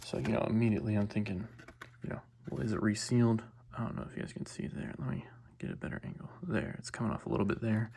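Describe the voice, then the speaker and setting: A man's voice: lowish voice, fast, vocal fry, warm tone, slightly rough. A man vlogging as a card collector, telling a story casually in a rambling, laid-back way and correcting himself as he goes.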